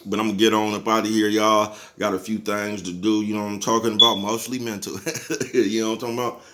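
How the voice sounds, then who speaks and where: A man's voice: on the low side, flat delivery, quick pace, sharp tone. Male vlogger, casual motivational rant, easygoing and salty, laughs between lines. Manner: laid-back, chuckles often, keeps asking "you know what I'm talking about?"; profane, preachy street talk.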